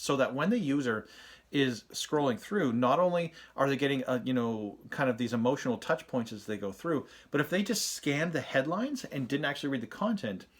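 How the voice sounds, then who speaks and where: Male host, thirties to forties, casual talking-head delivery, anecdotal and rambling, with fillers. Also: mid-range voice. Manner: chatty, storytelling, many fillers and restarts. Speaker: host of an SEO channel.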